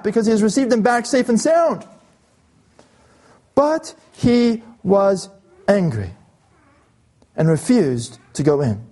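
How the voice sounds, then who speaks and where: A male pastor preaching an expository sermon, reading scripture aloud and slowing down to stress key phrases. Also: sits high, warm tone.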